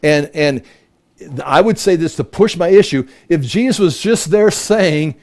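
A man's voice: fairly high pitch, expressive, a little slow, darkish tone. A man leading a Bible study, conversational and full of rhetorical questions. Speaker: Bible teacher.

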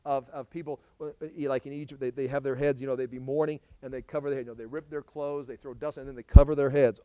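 A middle-aged man teaching through the Bible in a conversational way. He restarts often and swings from loud emphasis to low asides. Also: fairly even intonation, very fast, few pauses, clean tone, no echo.

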